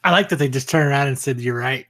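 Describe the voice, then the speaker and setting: A man's voice: medium pitch, rapid-fire, a bit bright. A man co-hosting a fan podcast, chatting casually, swearing freely and often trailing off mid-thought. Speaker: podcast co-host.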